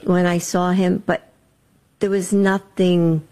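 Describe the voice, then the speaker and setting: A woman answers an interviewer slowly and carefully, pausing often. Her voice sits somewhat low. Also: little pitch movement, a little mellow. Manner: measured, hesitant with ums. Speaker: interview guest.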